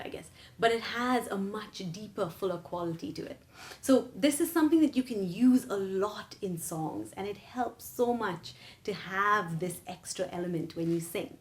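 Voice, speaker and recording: Animated and a little mellow, her medium-pitched voice moves at a normal pace as she teaches singing. She explains each step, asks "right?" and "okay?" along the way, and sings brief phrases to demonstrate.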